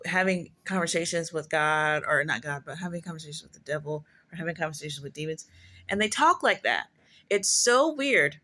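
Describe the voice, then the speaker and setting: A woman with a fairly low voice muses aloud about spiritual things in a loose, casual monologue. She rambles and leans on fillers like "like" and "you know." She often stops to restart or correct herself. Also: pushed and bright. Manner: musing, self-correcting storyteller. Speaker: prophetess sharing spiritual musings.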